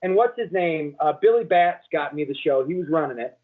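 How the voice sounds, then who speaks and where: A comedian co-hosting a podcast, telling a crude story in casual chat. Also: male voice, fairly high pitch, expressive, fairly quick. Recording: tinny phone-like sound.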